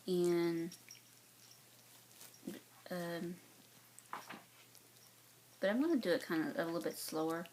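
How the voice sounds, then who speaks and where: A cross-stitch vlogger from North Carolina, a woman with a light Southern accent, chats casually to her viewers in a rambling way, full of fillers and restarts. Her voice is fairly low with a darkish tone. The low-quality recording has slight background noise.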